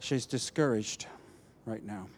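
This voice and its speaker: Man voicing God, calm and knowing. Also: on the low side, slow, slight background noise, voice pushed down. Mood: gentle.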